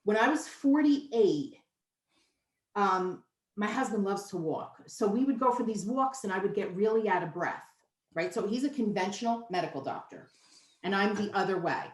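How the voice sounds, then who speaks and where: A woman's voice: medium pitch, expressive, normal speed. A woman in her fifties, a nutritionist guest, talking candidly and emphatically in a casual interview. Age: 50s. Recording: roomy echo.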